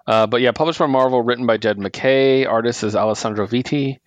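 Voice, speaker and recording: A man co-hosting a comic book podcast, retelling a story in a casual, animated way and laughing often. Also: medium pitch, quick pace, no room sound, muffled recording. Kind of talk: casual chat.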